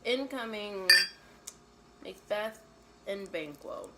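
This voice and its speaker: Slow, slangy woman retelling a play. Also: mid-range voice, animated, heavy background noise. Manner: slangy, often adds "right?". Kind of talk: casual slangy play summary.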